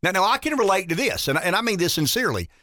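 Lively Southern-accented talk radio host man. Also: sits high, very fast, dry recording, studio quality. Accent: Southern US rural. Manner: emphatic, folksy, repeats words as he builds points. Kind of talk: opinionated talk radio commentary.

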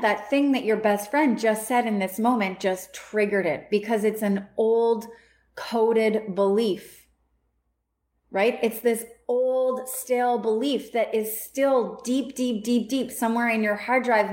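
A woman's voice: on the high side, reverberant. A woman in her thirties giving a casual, emphatic motivational talk as a self-help coach, acting out inner voices as she goes.

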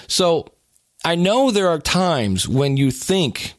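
A man's voice: fairly high pitch, expressive, very slow, long pauses, no room sound. Man, casual monologue, joking asides, dry close sound. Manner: joking, self-deprecating asides, frequent restarts. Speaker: health and weight-loss talker.

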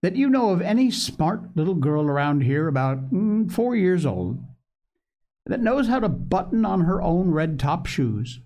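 A man voicing a kind, gentle doctor who coaxes a small child in a storybook reading. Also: high-pitched, sing-song, a little slow, voice pushed up. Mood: coaxing. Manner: gentle, coaxing.

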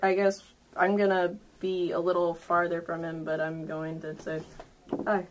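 A woman's voice: on the low side, monotone, moderate pace, a little hiss or hum. A woman playing a tabletop game, thinking aloud and hesitating as she plans her moves. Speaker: player. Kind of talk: casual tabletop game chat.

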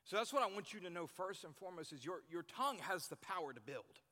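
A young youth pastor gives a sermon to a youth group, earnestly repeating key phrases to drive them home. He has a high, expressive, bright voice, talks fast, and sounds forceful, while a hall adds long reverb.

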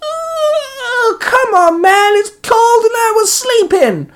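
A man's voice: very high voice, sing-song, slow, fairly bright tone, voice pushed up, heavily acted. A man voicing a small sleepy creature that moans and whines in a storybook reading. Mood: whiny. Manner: whiny, moaning.

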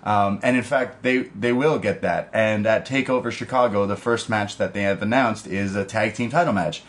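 Man, podcast co-host, casual chat, low-ish voice, quick to laugh. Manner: chatty, laughs often, quotes wrestlers in put-on voices.

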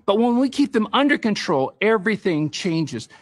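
A man's voice: high voice, moderate pace, dry recording. A middle-aged man giving a faith-based parenting talk, telling family stories and quoting scripture. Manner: storytelling with scripture quotes, animated. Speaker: speaker on parenting.

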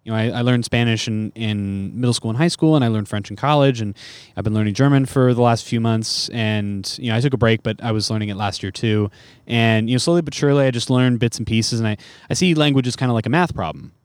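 A man's voice: mid-range voice, quick pace, clear, resonant tone, dry recording. Comedian guy rambling on a podcast, lots of you knows, dead dry mic. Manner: rambling, many fillers. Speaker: comedian guest. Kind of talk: casual podcast chat.

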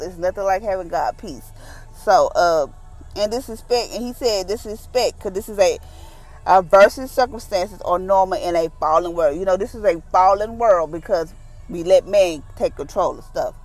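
A woman hosting a devotional podcast, talking about faith in a relaxed, conversational, folksy way. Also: on the low side, low-quality recording. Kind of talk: casual devotional talk.

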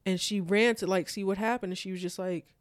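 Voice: medium pitch, steady tone, brisk, dry recording, clean studio sound. A young adult telling a personal story in loose, casual speech, full of "like" fillers.

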